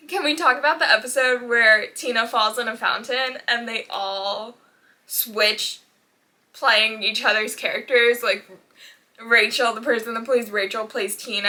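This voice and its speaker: A woman's voice: a little high, bright, forceful tone. A young woman vlogging in casual chat, talking animatedly with dramatic rants and laughs.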